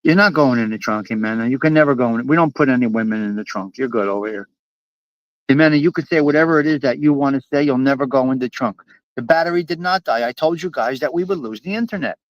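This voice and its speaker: A man's voice: mid-range voice, quick pace, no room sound, muffled recording. A man hosting a live stream from his apartment, swaggering and profane, repeating lines for emphasis. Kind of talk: brash casual live-stream chat.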